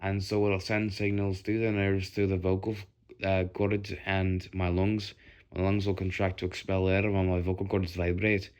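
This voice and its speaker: Lower-voiced man rambling into his phone. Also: flat delivery, normal speed, a little mellow, clear, resonant tone. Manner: restless, self-mocking, swears freely. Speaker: vlogger. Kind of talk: rambling solo monologue.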